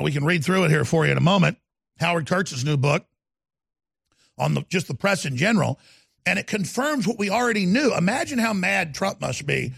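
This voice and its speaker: A man hosting a talk radio show, his gravelly voice sitting fairly high for a man. He rants with heat, drops low, then bursts out loud again. The studio sound is dry and close. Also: no room sound. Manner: emphatic ranting delivery, shifting between low growls and sudden loud outbursts. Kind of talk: fiery political talk radio monologue.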